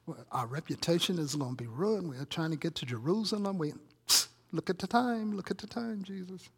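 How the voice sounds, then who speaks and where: A male pastor voicing fretful disciples who worry about their reputation in a lower, muttering voice. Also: normal speed, fairly bright tone, slightly rough, exaggerated voice. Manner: nagging, worried muttering.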